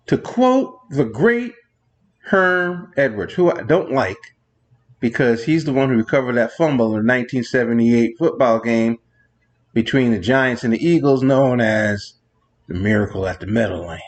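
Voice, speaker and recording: A man's voice: medium pitch, expressive, moderate pace. A man hosting a sports show, ranting in a rambling monologue full of digressions, exasperated with new rules. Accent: New York. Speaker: sports radio host.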